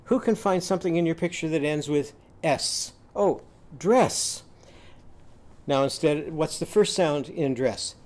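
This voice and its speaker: A man's voice: a little high, moderate pace, few pauses, darkish tone. A man demonstrating a reading lesson, with an upbeat, sing-song teaching manner, sounding out letters and cheering.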